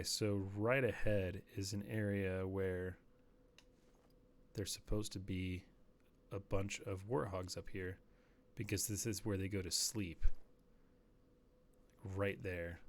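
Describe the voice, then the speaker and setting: A man's voice: low voice, slight background noise. A man streaming a hunting game, rambling casually and dropping to a near whisper while sneaking up on animals. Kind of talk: casual gameplay commentary.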